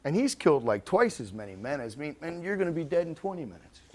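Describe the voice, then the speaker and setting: A man's voice: on the high side, sing-song, fast, dark tone, voice pushed up. A man acting out a boastful, threatening gunman. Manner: snarling, threatening. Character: menacing male hired gunman, boastful and threatening.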